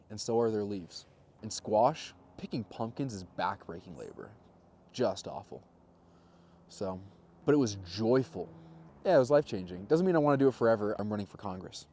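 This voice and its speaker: Young man in his twenties, low-pitched, casual vlogger, wry deadpan storyteller. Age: 20s. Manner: wry, self-mocking storyteller with deadpan jokes. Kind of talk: casual rambling monologue.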